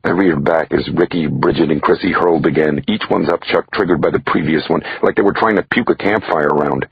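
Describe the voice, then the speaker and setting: A man narrates a thriller audiobook in a wry first-person voice that sits extremely deep. His tone is gravelly and heavily husky. The recording is dry and a little dull, like lo-fi audio. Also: a little fast, no room sound.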